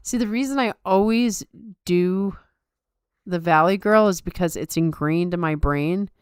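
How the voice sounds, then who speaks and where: A woman's voice: on the low side, measured pace, smooth, no room sound, studio quality. A woman hosting a casual live-stream chat, upbeat and chatty, reading comments aloud, tired late at night. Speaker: podcast host.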